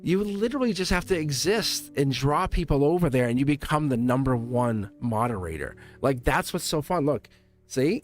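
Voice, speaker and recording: A man's voice: mid-range voice, lively intonation, moderate pace. A middle-aged man with a Boston accent doing a chatty, giggly live tarot reading and talking straight to viewers. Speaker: tarot reader.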